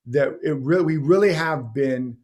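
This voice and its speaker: A man's voice: fairly high pitch, moderate pace, darkish tone. Passionate, rambling male storyteller. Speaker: guest teacher. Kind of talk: conversational interview.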